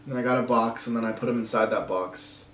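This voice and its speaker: A man vlogging to the camera, talking in a soft, halting way with nervous laughs and long pauses. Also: medium pitch, fairly even intonation, roomy sound, recorded from a distance, slight background noise, rough recording. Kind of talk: personal vlog talking to camera.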